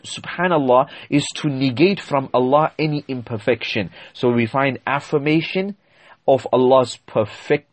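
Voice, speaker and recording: A man's voice: mid-range voice, dry recording. Man preaching an emphatic sermon, dry sound. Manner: explanatory, emphatic, with frequent hesitations. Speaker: Islamic preacher.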